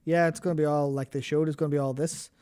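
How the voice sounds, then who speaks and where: A worn-out man co-hosting a live stream late in the day. He rambles, swears casually and loses his place while searching for things, and his voice sits slightly higher than average. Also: little pitch movement, fast, mellow, clear, resonant tone. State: tired. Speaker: co-host.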